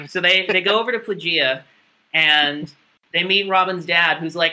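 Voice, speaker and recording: A man's voice: a little high, normal speed, sharp tone, low-quality recording. A man casually recapping a game plot in a rambling, sarcastic, profane way, full of fillers. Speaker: podcast co-host recapping a game story. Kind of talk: casual chat.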